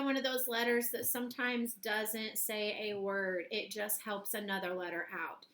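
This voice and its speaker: Bright-voiced woman teaching phonics. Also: medium pitch, fairly even intonation. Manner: slow, clear, sounds out words in parts. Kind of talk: phonics lesson for young children. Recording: echoey room.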